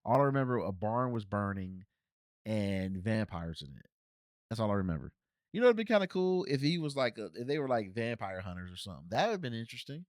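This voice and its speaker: A Cincinnati man hosts a casual movie review podcast alone, speaking fairly quickly. He rambles, restarting sentences and leaning on fillers, with animated swings in pitch. The recording is dry and clean, with a studio sound.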